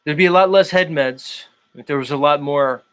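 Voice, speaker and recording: A man's voice: a little high, moderate pace, a bit bright, clear, resonant tone. A man hosting his own online show, chatting loosely and rambling with lots of fillers. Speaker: show host. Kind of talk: casual livestream chat.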